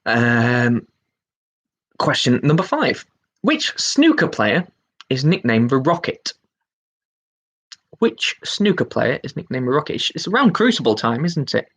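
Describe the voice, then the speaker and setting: A man's voice: medium pitch, big pitch swings, a little slow, long pauses, a bit bright, breathy edge. Male pub quiz host, mid-range voice, repeats each question and chats between them. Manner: reads each question twice, chatty asides. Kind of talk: hosting an online pub quiz.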